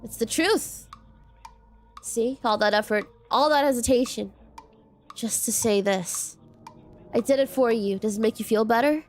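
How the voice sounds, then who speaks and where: Brief: cruel possessing deity, slow and taunting, lower and softer than her own voice, woman performer. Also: faint music behind, lightly acted. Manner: slow, taunting, hushed delivery. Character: sinister possessing deity in a man's body, mocking and cruel.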